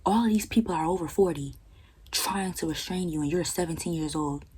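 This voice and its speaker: Brief: young woman vlogger, low husky voice, animated, profane storytime with whispered emphasis. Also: a little fast, low-quality recording. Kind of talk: storytime vlog.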